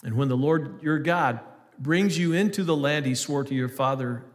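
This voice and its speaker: A man's voice: a little high, moderate pace, in a large hall. A male pastor giving an earnest sermon, reading scripture aloud between hesitant, restarting remarks.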